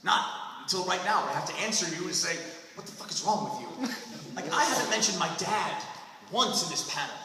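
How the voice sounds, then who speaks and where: Animated man in his fifties, echoey hall. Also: a little fast. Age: 50s. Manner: animated, acts out squeaky comic voices. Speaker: convention panel host. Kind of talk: comedic writing panel talk. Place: convention panel room. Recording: echoey hall from far off with loud noise.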